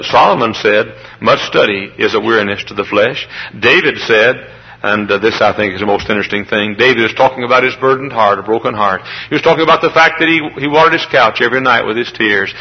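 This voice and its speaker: A man preaching a sermon to a congregation, building from plain talk up to high, emotional cries. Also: highs cut off. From Midwestern United States. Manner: emotional, rises to high pitched shouts. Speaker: traveling preacher.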